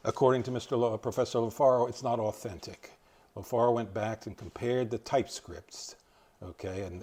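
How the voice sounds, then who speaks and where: An older man from East Tennessee gives an informal talk at a library, rambling and hesitant, full of fillers and restarts. His fairly low voice is creaky, husky, and a little mellow.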